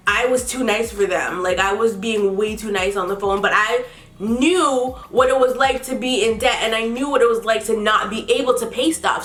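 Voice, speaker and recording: Young woman vlogger, high and bright, swears freely, roomy echo with faint music under it. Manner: animated, profane, laughing. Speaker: beauty vlogger. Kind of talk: casual storytime.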